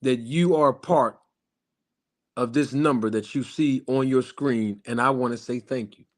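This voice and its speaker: A man hosting a boxing channel's live stream, speaking emphatically and repetitively straight to his viewers, slowing down to stress his points. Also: medium pitch. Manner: slows down for emphasis on key lines. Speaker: boxing YouTube channel host.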